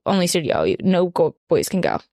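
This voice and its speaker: A woman's voice: fairly low pitch, big pitch swings, moderate pace, warm tone, no echo, studio quality. A young woman chatting as a podcast guest, giving eager recommendations in a casual way with lots of "like". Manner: chatty, enthusiastic recommendations with frequent "like". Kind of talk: casual chat.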